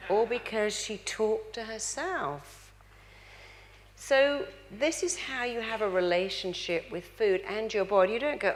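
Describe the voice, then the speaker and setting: A woman's voice: mid-range voice, normal speed. A middle-aged woman giving a motivational talk to a live audience, acting out the lines she quotes. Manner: animated, acts out quoted dialogue. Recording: long hall reverb.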